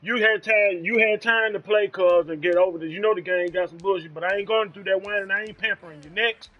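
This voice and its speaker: A man with a Southern US accent, trash-talking on a live game stream in a loud, profane, heated rant. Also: sits high, fairly quick, dull audio. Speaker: streamer playing a football video game.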